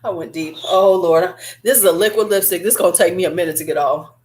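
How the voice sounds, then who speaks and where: A woman vlogger in casual, chatty beauty-review talk, rambling with fillers and asides. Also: on the low side. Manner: chatty and animated, drawn-out fillers.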